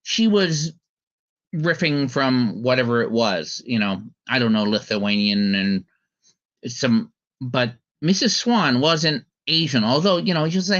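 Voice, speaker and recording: A man's voice: medium pitch, lively intonation, unhurried, fairly bright tone. Male podcast host, rambling casual commentary, restarts often, slightly dull lo-fi recording. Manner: rambling, full of ums and restarts.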